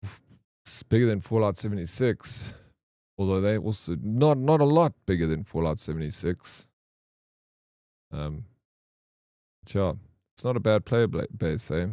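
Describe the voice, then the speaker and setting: A man's voice: on the low side, expressive, a little slow, long pauses, mellow, no echo, studio quality. A man streaming a game, chatting loosely and full of fillers as he plays. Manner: rambling, loose, filler-heavy. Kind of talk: casual gaming commentary.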